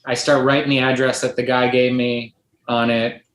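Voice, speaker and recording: A man's voice: medium pitch, level tone, moderate pace, a bit bright. Middle-aged guy rambling thru a story on a podcast, tons of likes and ums, kinda echoey room. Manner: rambling, lots of likes and ums, acts out quoted voices. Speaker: podcast guest. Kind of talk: casual storytelling. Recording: roomy echo.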